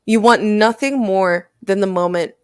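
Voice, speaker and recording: A woman's voice: mid-range voice, a little slow, no echo, studio quality. A woman hosting a livestream, reading a text aloud with stumbles and restarts. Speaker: livestream host.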